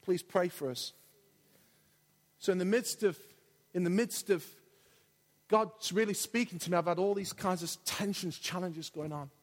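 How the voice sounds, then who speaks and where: A man's voice: sits high, unhurried. A man preaching a sermon in a church, impassioned and repetitive in his delivery. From England. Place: large church hall. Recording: long church hall reverb.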